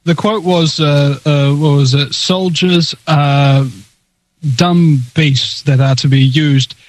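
A man hosting a casual talk show, excitable and sarcastic, jumping between jokes and rants. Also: a little high, takes it slowly, rough recording. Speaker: podcast host. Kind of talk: casual chat.

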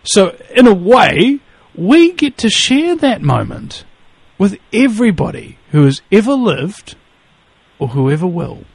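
A man's voice: high voice, big pitch swings, a little slow, gravelly, slightly rough, no echo. A man chatting casually on a call, telling rambling stories, swearing and laughing at his own jokes. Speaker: podcast guest. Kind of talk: casual chat.

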